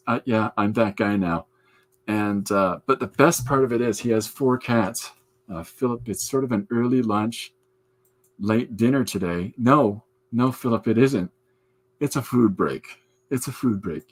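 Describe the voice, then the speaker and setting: A man hosting a podcast, chatting casually with his live viewers from his art studio while he draws. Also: fairly low pitch. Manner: chatty, answers viewers' comments aloud. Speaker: podcast host and comic artist. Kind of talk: casual live-stream chat while drawing.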